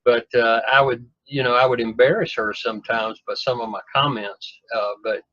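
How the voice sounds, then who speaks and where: A man with a husky, slightly rough voice tells a rambling, folksy story full of self-deprecating jokes. The recording is dry and a bit dull, like a lo-fi conversation capture. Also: medium pitch, steady tone, moderate pace, a bit bright, no echo. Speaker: guest telling his story. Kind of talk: casual storytelling.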